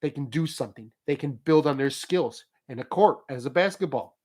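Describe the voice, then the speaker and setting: A man with a mid-range, slightly breathy voice speaks a little fast as a casual host. He tells a story and offers motivational advice, staying animated and laughing as he goes.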